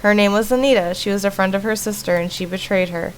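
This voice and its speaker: A woman's voice: mid-range voice, steady tone, quick pace, a little hiss or hum, natural voice, poor audio. A woman reading aloud the lines of a frightened young woman freed from a painting, urgently warning her friend.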